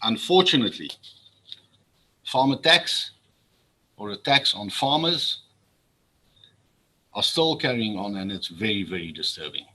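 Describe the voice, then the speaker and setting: A man's voice: lowish voice, big pitch swings, a little slow, pauses often, sharp tone, husky, low-quality recording. A man gives a formal speech to an assembly as a public official. He speaks earnestly and often repeats words when he feels strongly. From South Africa.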